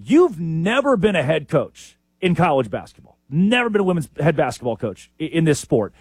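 A man co-hosting a sports talk show, telling animated stories with lots of impressions. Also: fairly high pitch, normal speed, slightly rough, dry recording. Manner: animated storyteller, lively impressions. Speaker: sports podcast co-host.

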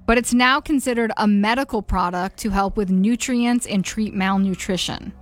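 A woman's voice: mid-range voice, normal speed. A woman co-hosting a radio show, sharing trivia in chatty banter and laughing easily. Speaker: radio co-host. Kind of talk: casual radio chat.

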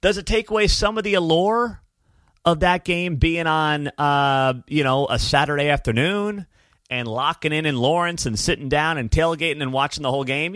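A man's voice: fairly high pitch, sing-song, moderate pace, fairly bright tone, no echo, clean studio sound. A man hosting a live-streamed college football talk show, with sarcastic asides and talking straight to his viewers. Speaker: sports talk host.

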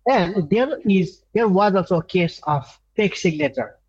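A man from Nepal, an indigenous rights advocate answering interview questions earnestly, pausing often with fillers. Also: high voice, lively intonation, a little mellow, no room sound, highs cut off. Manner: earnest, halting with many fillers.

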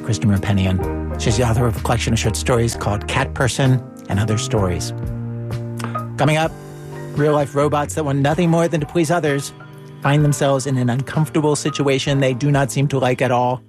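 A male radio host introducing a guest and a coming segment in a smooth, even announcing manner. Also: medium pitch, a little fast, over music. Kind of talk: broadcast narration.

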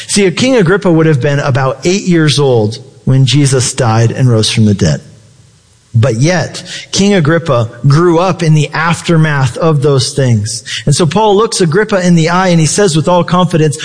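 A man preaching a sermon with a somewhat high voice, talking conversationally and throwing rhetorical questions at his listeners. His words ring out with a long reverb, as if in a large sanctuary. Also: lively intonation, normal speed. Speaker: pastor.

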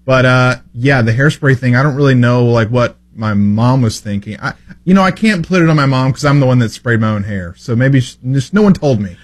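A man in his twenties, a radio co-host, chatting casually in an easygoing, low-key way. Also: brisk. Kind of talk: casual chat.

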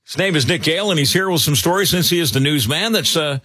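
A male morning radio host banters and chips in with wisecracks. His voice is bright and a little husky, with lively swings in pitch. It sounds dry and close, recorded in a studio. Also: no echo. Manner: joking, quick to cut in with opinions. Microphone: studio microphone.

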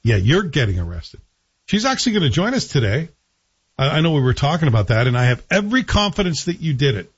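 Chatty teasing radio morning host. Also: male voice, on the high side, sing-song, husky, no room sound, highs cut off. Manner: chatty, teasing, quick jokes. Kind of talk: casual morning radio banter. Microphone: studio microphone.

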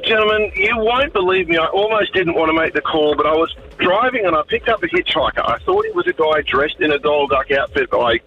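Quick, lively male caller from a car. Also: a little high, narrow, tinny audio.

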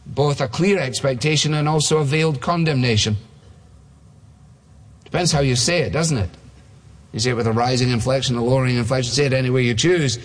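A man's voice: mid-range voice, fairly quick. Man, preacher, chatty sermon, rhetorical questions, mid-range voice, long reverb. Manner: conversational, asks rhetorical questions.

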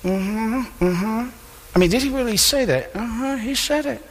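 A man acting out a pair of gossiping scribes, trading high, incredulous murmurs. The voices sound a little set back and echo with a long hall reverb. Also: unhurried, slight background noise. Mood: scandalized. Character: two whispering, scandalized male scribes.

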